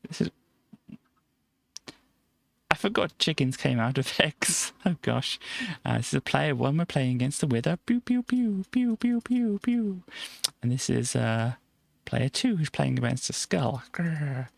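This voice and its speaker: A man's voice: mid-range voice, measured pace, vocal fry, pauses often, fairly bright tone, no echo. A man streaming a game, giving a playful, chatty tour of a build and tossing in silly sound effects. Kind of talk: casual gameplay commentary.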